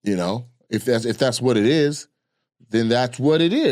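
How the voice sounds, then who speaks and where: A man talking in a casual podcast chat, animated and loose, swearing freely. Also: medium pitch, moderate pace, dry recording, studio quality. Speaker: comedian and podcast guest.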